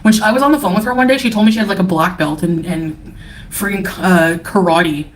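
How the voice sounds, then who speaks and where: A woman's voice: lowish voice, brisk. A woman from Canada streaming live, ranting in a profane, scornful and defensive way. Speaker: livestreamer. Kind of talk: angry livestream rant.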